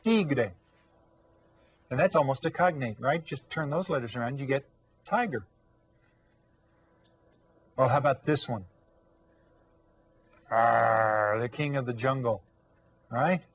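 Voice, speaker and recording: A man teaching young children in a recorded classroom lesson. He speaks in a friendly, encouraging way and slows down to draw out each new word for the kids to repeat. His voice sits in a middle pitch. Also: slightly rough. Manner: slow, drawn-out modeling of words for children to repeat. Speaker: Spanish teacher. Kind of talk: elementary school video lesson.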